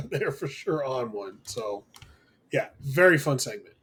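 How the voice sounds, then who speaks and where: A man's voice: medium pitch, expressive, slow pace, a bit bright, breathy edge. A man co-hosting a podcast, chatting casually and bluntly, swearing freely and laughing often. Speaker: podcast co-host. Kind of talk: casual chat.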